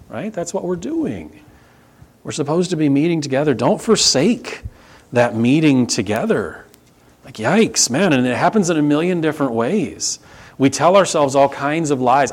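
A man with an American accent preaching a sermon in a church, in a conversational, animated way that acts out little dialogues. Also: on the high side. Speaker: pastor. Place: church sanctuary.

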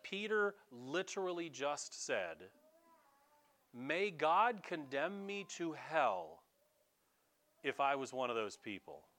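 A male pastor delivers a sermon in a church sanctuary. His slightly high voice swings widely in pitch as he acts out the people he quotes. He often stumbles into quick restarts. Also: big pitch swings, sharp tone.

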